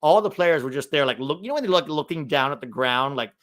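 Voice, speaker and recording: A man's voice: fairly high pitch, animated, fast, a bit bright. Chatty American man riffing on soccer. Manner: chatty, sarcastic, riffs between live match reactions. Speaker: watch-along host. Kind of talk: casual live match watch-along commentary.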